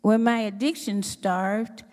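A woman sharing a testimony at church, telling her story with animated, expressive delivery. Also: takes it slowly. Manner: expressive, acts out her own quotes with sudden pitch jumps. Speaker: church speaker giving a testimony. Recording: long hall reverb.

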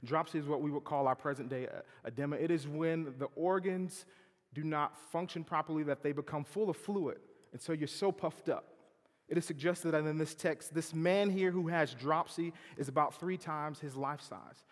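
Campus preacher, a man, sermon delivery, loud emphatic quotes against soft asides, hall reverb. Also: on the high side, normal speed. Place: campus chapel.

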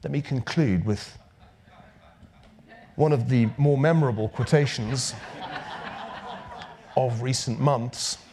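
A man's voice: medium pitch, takes it slowly, long pauses, slight background noise. A man giving a public lecture with dry wit, then taking audience questions. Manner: dry wit, lively emphatic delivery.

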